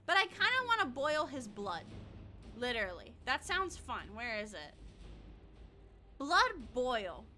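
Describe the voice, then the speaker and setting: Young american woman streaming, bright sharp voice, laughs a lot and swears, all over the place pitch-wise. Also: a little hiss or hum. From United States. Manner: animated, giggly and blunt, swears freely. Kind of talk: casual gaming livestream chat.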